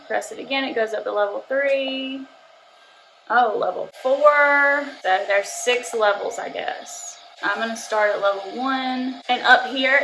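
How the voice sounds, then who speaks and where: A beauty vlogger nervously chats on camera while testing a beauty gadget in a casual product-test vlog, saying "y'all" along the way. Her voice is fairly high and a bit bright, in an echoey room with slight background noise.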